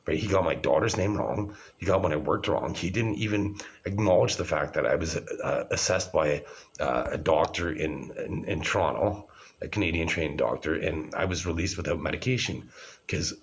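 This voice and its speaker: A man's voice: sits low, normal speed. A man in his forties talking to camera in an agitated, rambling, profane monologue. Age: 40s.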